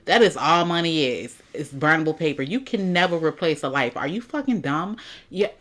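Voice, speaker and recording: A woman's voice: sits low, lively intonation, moderate pace, a bit bright. Blunt, profane woman reacting to a clip. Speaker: reaction video host. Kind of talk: casual reaction commentary.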